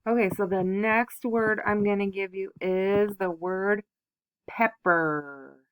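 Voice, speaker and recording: Woman teacher doing a kids phonics lesson, slow and patient, sounds out each letter. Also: medium pitch, no room sound. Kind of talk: phonics lesson for young children.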